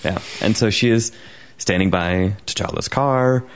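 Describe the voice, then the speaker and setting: A man's voice: fairly low pitch, measured pace. A man in a casual film chat, explaining things at length with many restarts.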